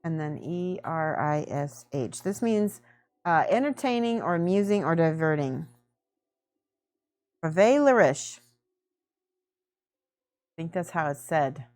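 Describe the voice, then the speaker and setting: Giggly low-voiced woman streaming her painting. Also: animated, a little slow, pauses often, a little mellow. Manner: giggly, chatty, thinks aloud. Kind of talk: casual livestream chat while painting.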